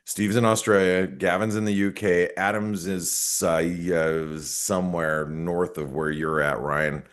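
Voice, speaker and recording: A man's voice: low-pitched, fairly even intonation, a little slow. A man who is a trading analyst talking through charts on a live market webinar, rambling and cutting himself off, with dry sarcastic asides.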